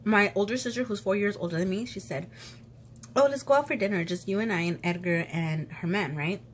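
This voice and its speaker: A young woman vlogger telling a personal story in casual chat, sniffly and sneezing from allergies, animated and full of quoted back-and-forth. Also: medium pitch, fairly quick, a little hiss or hum. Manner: chatty, animated retelling with quoted voices.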